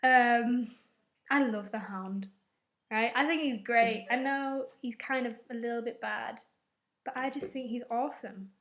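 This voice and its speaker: A woman's voice: a little high, a little slow, a bit bright. A woman vlogging a casual, rambling episode recap, chatty and emotional, with some swearing.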